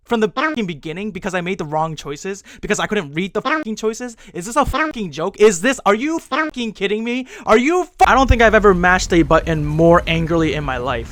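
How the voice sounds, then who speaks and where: A man's voice: high-pitched, a bit bright. A young man giving game commentary, profane and exasperated as he rants and recaps the story. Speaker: youtuber.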